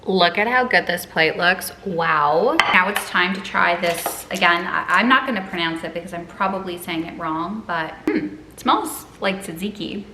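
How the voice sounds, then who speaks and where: A woman's voice: fairly low pitch, lively intonation, normal speed, few pauses, roomy sound, music in the background, poor audio. A woman in her twenties from Quebec, chatting casually through a food vlog in her home kitchen, bubbly and self-deprecating. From Quebec, Canada. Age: 20s. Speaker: food vlogger.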